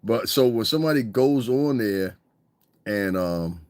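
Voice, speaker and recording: A man hosting a podcast in a casual, animated monologue, swearing and mimicking other people's voices. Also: lowish voice, measured pace, no echo, clean studio sound. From United States. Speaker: podcast host.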